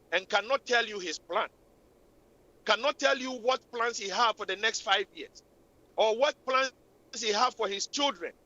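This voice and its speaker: Relationship advice comes as a scolding sermon from this radio talk show host, impassioned and repetitive. Her fairly high voice is bright and forceful, heard in a lo-fi radio recording.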